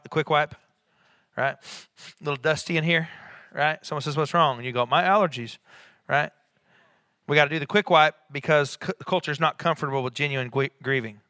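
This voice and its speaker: Bright-voiced pastor preaching with emphatic swells. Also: male voice, mid-range voice, dry recording, clean studio sound. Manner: conversational, with quick asides and rising emphatic peaks. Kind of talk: sermon.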